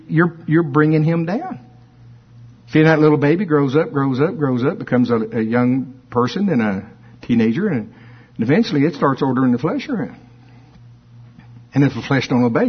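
Brief: middle-aged man preaching, lively and husky, on a dull lo-fi recording. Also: fairly high pitch, moderate pace. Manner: animated storytelling, playful, acts out voices. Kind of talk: sermon.

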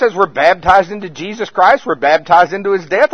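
Older male preacher, animated storyteller, slightly high voice, dull lo-fi sound. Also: quick pace, few pauses. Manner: animated storytelling, acts out scenes. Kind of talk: sermon. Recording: dull lo-fi recording.

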